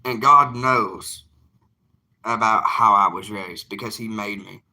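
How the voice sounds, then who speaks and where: Bright-toned evangelist, plainspoken. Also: male voice, lowish voice, slow pace. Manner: earnest, plainspoken, defiant. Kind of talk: casual livestream talk to viewers.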